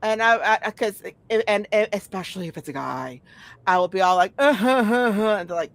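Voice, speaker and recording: Middle-aged woman, gravelly mid-pitched voice, blunt and profane, sighs a lot, casual chat. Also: animated, normal speed, a bit bright.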